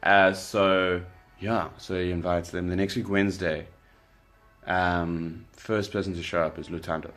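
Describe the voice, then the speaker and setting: A young South African man casually telling a story, relaxed and rambling, with lots of fillers and restarts. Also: low-pitched, measured pace, soft background music. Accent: South African English. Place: indoors by candlelight.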